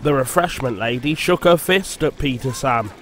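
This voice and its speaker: A man narrating a storybook in a slow, measured reading. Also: mid-range voice, fairly bright tone, slight background noise. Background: background music.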